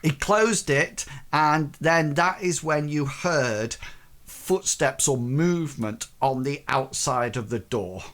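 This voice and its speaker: A man running a tabletop game as game master, recapping events slowly with many pauses and fillers. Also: fairly high pitch, a bit bright.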